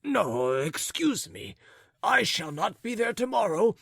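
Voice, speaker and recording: A man voicing a husky, haughty tall gentleman. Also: sits high, big pitch swings, slow, dry recording, clean studio sound, voice pushed up, exaggerated voice. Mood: affronted.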